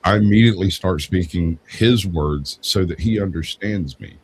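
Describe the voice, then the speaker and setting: Deep-voiced Southern man telling a story. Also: normal speed, slight background noise. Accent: Southern US, Georgia. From Georgia, US. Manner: rambling storyteller, animated when quoting others. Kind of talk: casual podcast chat.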